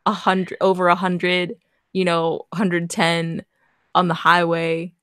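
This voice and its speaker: A woman's voice: fairly low pitch, completely flat delivery, takes it slowly, fairly bright tone, clean tone, dry recording, clean studio sound. A woman host reading a story aloud in casual chat, breaking off into sarcastic, laughing commentary.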